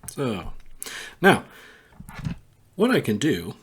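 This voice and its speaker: A man hosting a synthesizer tutorial, calmly explaining each step while pressing buttons on the instrument. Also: mid-range voice, extremely slow, faint music behind. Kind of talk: casual hands-on tutorial.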